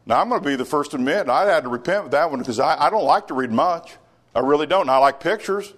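A man's voice: mid-range voice, expressive, moderate pace, pauses often. A male pastor preaching a sermon, emphatic, with many rhetorical questions and stammered restarts.

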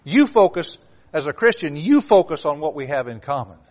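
Emphatic male preacher, slightly high voice. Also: very animated, normal speed. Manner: emphatic, repetitive cadence with swells in loudness. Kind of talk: sermon.

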